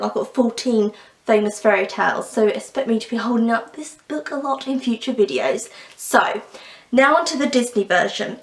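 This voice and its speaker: A young woman talks through a fairy tale and its film, opinionated and quick with sarcastic asides. Her voice sits fairly high. The room around her sounds roomy and echoey. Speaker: book and film reviewer. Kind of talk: casual chat. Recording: roomy echo.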